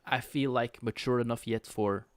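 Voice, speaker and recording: A man's voice: mid-range voice, fairly even intonation, moderate pace, no echo. A man co-hosting a casual game development podcast chat, talking loosely with frequent restarts. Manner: chatty, with frequent restarts and laughs. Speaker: co-host.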